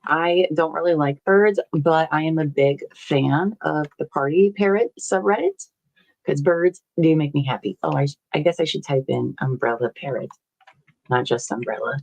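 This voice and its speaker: A woman's voice: low voice, normal speed, gravelly, a little mellow, low-quality recording. A woman hosting a casual livestream, rambling and chatty as she reads viewer comments aloud, laughing often and swearing casually. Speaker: livestream host.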